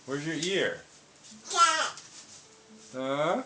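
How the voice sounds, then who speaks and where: A woman's voice: rumbling low, sing-song, a little slow, reverberant, faint music behind. A woman, a parent, coaxing her toddler in a sing-song voice with playful animal sounds, recorded at home on a video camera. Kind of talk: talking to a toddler.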